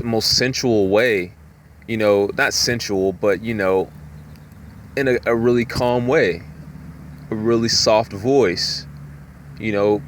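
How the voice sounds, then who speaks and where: A man talking in a rambling, casual monologue, full of "you know" fillers, sometimes jumping up in pitch to act out voices. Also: fairly bright tone, a little hiss or hum. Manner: acts out voices with jumps in pitch.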